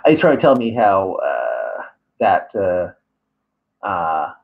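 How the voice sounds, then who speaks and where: A man's voice: sits low, big pitch swings, slow, vocal fry. A man reading out and answering online comments, sarcastic and hesitant, with many fillers. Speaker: YouTuber. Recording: tinny phone-like audio.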